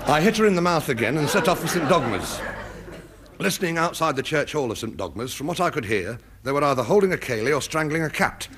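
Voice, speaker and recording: A man narrates a comic spy tale with a dry, mock-serious delivery. His pitch moves widely, and the old recording is thick with hiss. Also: lively intonation, quick pace.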